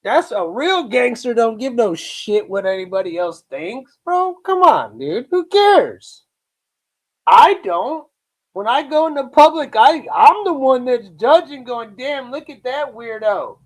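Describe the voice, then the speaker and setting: Slow-talking, blunt man streaming. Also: very high-pitched, very animated. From Lakewood, Ohio, US. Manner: boastful, blunt, swearing, with slang like "bro" and "dude"; slow, drawn-out talk with frequent repeats and restarts. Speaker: live-stream host. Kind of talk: casual live reaction stream.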